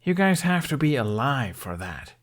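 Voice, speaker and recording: A man voicing an exasperated young Viking squire who shouts at his reckless friends. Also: medium pitch, very animated, moderate pace, voice pushed up, close to an everyday voice.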